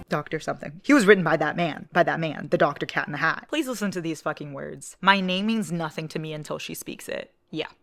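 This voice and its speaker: A young woman chatting casually in a book vlog, excitable and profane, gushing about what she reads. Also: deep voice, gravelly, no room sound. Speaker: book vlogger. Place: at home indoors.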